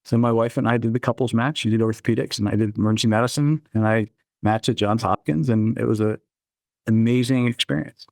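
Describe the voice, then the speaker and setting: A middle-aged man telling stories from his career in a relaxed, anecdotal way during an interview. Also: mid-range voice, a little fast, vocal fry, no echo. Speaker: guest, chief innovation officer. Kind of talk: storytelling interview answers.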